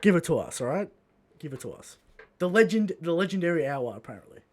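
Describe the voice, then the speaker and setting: Man, high voice, podcast host, casual chat, playful mock-solemn tone. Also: sing-song, quick pace.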